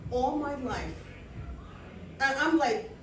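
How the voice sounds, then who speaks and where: A woman, from Brooklyn, telling a story on stage in an animated, comic way full of fillers and restarts. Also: high voice, slow. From Brooklyn, New York. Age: 40s. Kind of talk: live storytelling performance. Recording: roomy, distant live-room sound.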